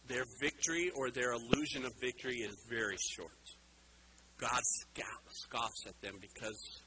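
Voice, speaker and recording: A middle-aged man preaching a sermon with emphatic rhetorical questions, swinging between loud and soft. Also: medium pitch, noisy background. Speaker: pastor.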